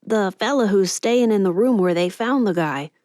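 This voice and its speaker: A woman's voice: mid-range voice, normal speed, a little mellow, no room sound, clean studio sound, natural voice. A woman voicing a chatty young male elevator attendant in an audiobook, folksy and gossipy.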